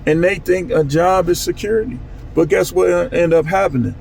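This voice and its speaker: Gravelly-voiced man vlogging from a car. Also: high voice, normal speed, darkish tone, a little hiss or hum, low-quality recording. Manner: loose, repetitive street-talk delivery. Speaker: channel host. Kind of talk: casual monologue vlog.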